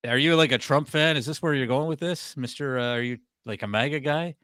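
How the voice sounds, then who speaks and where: A man hosting a comedy podcast who teases the others and keeps the segments moving. His voice sits at an ordinary middle pitch. It is recorded close and dry. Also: fairly quick, a bit bright, clean tone, no room sound. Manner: teasing, leads the segments. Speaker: podcast host. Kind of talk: casual chat.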